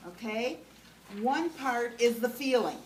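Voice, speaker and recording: Woman teaching a class, kinda high voice, keeps asking "okay?", sounds roomy and far from the mic. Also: lively intonation, slow. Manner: talks with frequent "okay?" checks, asks the class questions. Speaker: trainer. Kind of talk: teaching a class on compassionate listening. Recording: roomy sound from a distant mic with faint background noise.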